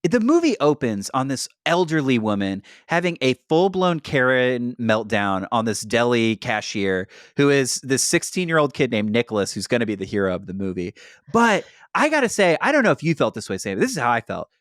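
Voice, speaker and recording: A man co-hosting a podcast, chatting casually about a movie, animated and swearing, laughing often and acting out quotes. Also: medium pitch, moderate pace, dry recording, studio quality. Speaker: podcast co-host. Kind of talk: casual movie review chat.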